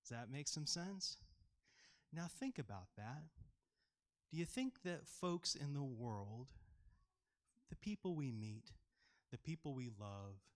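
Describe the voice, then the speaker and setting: A man's voice: mid-range voice, very animated, slow, pauses often. A man pastor giving a children's sermon in a church, playful and often asking the kids questions.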